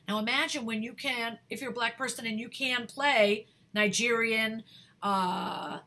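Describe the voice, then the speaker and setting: Emphatic bright-voiced woman giving career advice. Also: a little high, measured pace. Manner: energetic, emphatic, repeats words for emphasis; rambling, searches for words with many fillers. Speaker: talent manager. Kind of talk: advice talk to camera.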